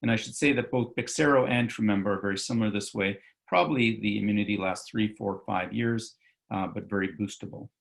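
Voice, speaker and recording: A man's voice: on the low side, brisk, creaky. A male physician giving an online medical lecture over slides, talking loosely with many fillers and self-corrections.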